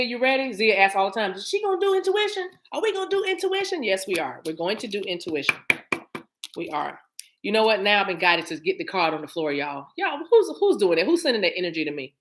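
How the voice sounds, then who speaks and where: Chatty woman doing a card reading. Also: mid-range voice. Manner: reads card text aloud, then riffs and repeats phrases to viewers; chatty and familiar, addresses viewers as y'all. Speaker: spiritual card reader. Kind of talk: live-streamed oracle card reading.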